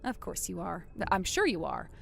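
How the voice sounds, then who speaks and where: A woman voicing a wronged older sister in a text-message story, speaking low, subdued and cold. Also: very animated, normal speed, gravelly, fairly bright tone, slight background noise, full character voice. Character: wronged older sister, quiet and bitterly calm.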